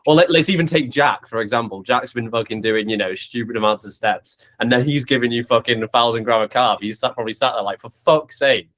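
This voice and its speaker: A young man hosting a podcast, chatting casually with lots of swearing, restarts and bursts of excitement. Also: medium pitch. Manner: swears freely, animated, many restarts. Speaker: podcast host. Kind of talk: casual chat.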